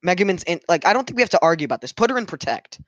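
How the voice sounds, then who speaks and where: A man's voice: high-pitched, dry recording, muffled recording. A young man hosting a casual group chat, leading the talk and moving it along. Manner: leads the talk, brisk and animated. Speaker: podcast host.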